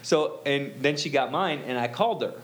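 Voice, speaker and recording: A man's voice: medium pitch, moderate pace, a bit bright. A middle-aged man telling a personal story as an interview guest, rambling and full of "you know" fillers.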